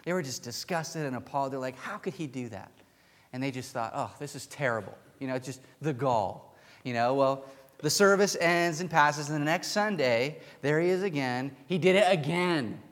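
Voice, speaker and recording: This male preacher's voice sits on the high side, fairly bright, at a normal speed. Standing in a church sanctuary with pews, he tells a story in a conversational sermon, chuckling and starting over at times, with long hall reverb around him.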